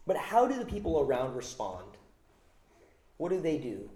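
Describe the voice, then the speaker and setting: Male pastor, mellow voice slightly high, emphatic sermon delivery, roomy echo. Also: huge pitch swings, moderate pace. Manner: emphatic, repeats phrases for stress.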